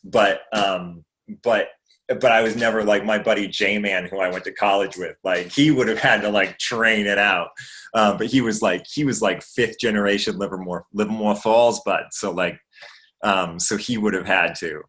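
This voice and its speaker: A man's voice: fairly low pitch, steady tone, moderate pace, pushed and bright. A man from Maine, a guest actor chatting casually in a livestream Q&A, rambling with fillers and swearing freely. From Maine, USA.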